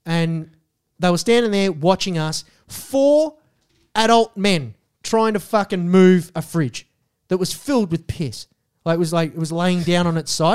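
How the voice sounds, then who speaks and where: Young Australian co-host, high voice, swearing mock rant, casual banter. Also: male voice, darkish tone, clear, resonant tone. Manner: ranting, heavy swearing, mock outrage. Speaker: podcast co-host.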